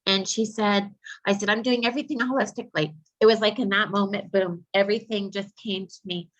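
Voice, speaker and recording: A woman's voice: mid-range voice, fairly even intonation, brisk, fairly bright tone. Earnest woman telling her story, muffled. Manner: earnest, heartfelt retelling with many fillers. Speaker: psychic medium guest. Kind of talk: personal story told in an interview. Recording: slightly muffled lo-fi recording.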